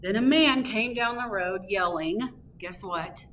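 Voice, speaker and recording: A woman reading a picture book aloud at a library storytime, with expressive storytelling. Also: medium pitch, measured pace, muffled recording, a little hiss or hum. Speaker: storytime reader. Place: public library.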